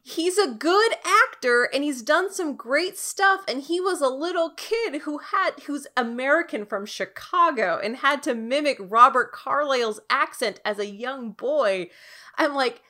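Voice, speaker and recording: Woman, podcast co-host, casual chat, chatty, slightly high-pitched. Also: measured pace. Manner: chatty, animated storytelling with many fillers. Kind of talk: casual chat recapping a TV show.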